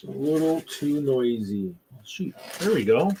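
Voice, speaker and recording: A man's voice: mid-range voice, expressive, measured pace, mellow. Guy on a live stream mumbling while he digs through stuff, noisy background hiss. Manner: muttering to himself while rummaging. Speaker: co-host. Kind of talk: casual chat while sorting minifigures.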